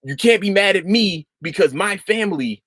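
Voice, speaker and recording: A man's voice: high voice, normal speed, slightly rough, no room sound. A man hosting a podcast, chatting casually and rambling, swearing often and restarting his sentences. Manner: animated, profane, rambling with restarts. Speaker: podcast host.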